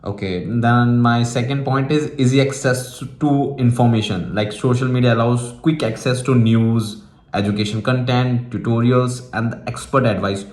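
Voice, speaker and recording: Halting man hosting a discussion. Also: mid-range voice, fairly even intonation, a little mellow, reverberant. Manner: halting, with frequent pauses. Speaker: host. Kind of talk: English practice discussion.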